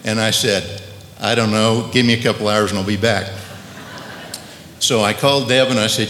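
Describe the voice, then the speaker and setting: A man's voice: fairly low pitch, pushed and bright, slight background noise. A man telling a personal story as a testimony, with a wry, humorous delivery. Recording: echoey hall, faint ambience.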